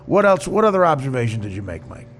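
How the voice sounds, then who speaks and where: Casting: man, joking podcast host, lively swooping voice, faint room hiss. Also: mid-range voice, quick pace. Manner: teasing, joking. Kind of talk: casual chat.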